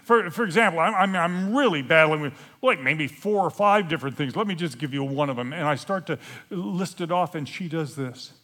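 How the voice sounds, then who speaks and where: A man preaching a storytelling sermon, animated and playful, acting out the scenes and stumbling over restarts. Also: fairly high pitch. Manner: halting, with frequent restarts.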